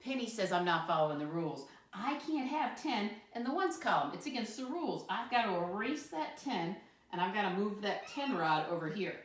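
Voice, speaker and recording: A woman's voice: medium pitch, big pitch swings, a little fast. A woman teaching a math lesson to young children in a sing-song teacher voice, counting aloud and calling them "my friends". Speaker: first grade teacher. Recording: roomy sound from a distant mic.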